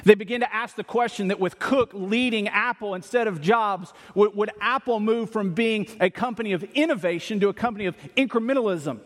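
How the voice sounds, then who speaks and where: A man with a high voice preaches in an animated, emphatic way, repeating himself and throwing out rhetorical questions. His voice rings out with a long reverb, as if from a large hall. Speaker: pastor. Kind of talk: sermon.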